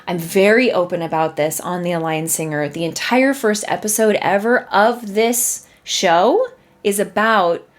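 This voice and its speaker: A woman who teaches singing, hosting a casual solo podcast, chatty and animated with frequent laughter as she acts out her students' doubts. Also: mid-range voice, a little slow.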